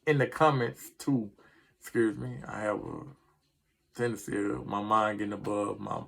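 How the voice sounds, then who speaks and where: A man's voice: fairly low pitch, fairly even intonation, moderate pace, creaky, a bit bright. A middle-aged man, ranting casually about his sports team in a rambling, frustrated way that trips over words. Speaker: sports vlogger.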